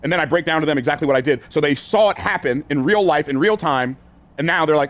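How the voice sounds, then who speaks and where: An older man teaching business sales from a whiteboard, energetic and conversational, repeating phrases for emphasis and using casual words like y'all and ain't. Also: a little high, fast talker. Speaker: business coach.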